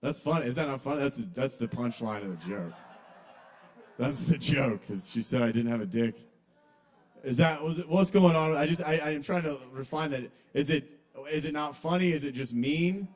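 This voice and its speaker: A young man doing casual, confessional stand-up comedy at an open mic in a kava bar, with sudden loud outbursts when he quotes people. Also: mid-range voice, moderate pace.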